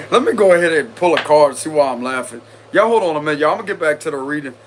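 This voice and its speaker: A man's voice: on the high side, background noise. A man reading tarot cards on a live stream in casual chat, giggling often and talking to viewers in loose slang. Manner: giggly, keeps breaking into laughter; chatty slang-heavy address to viewers. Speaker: tarot reader.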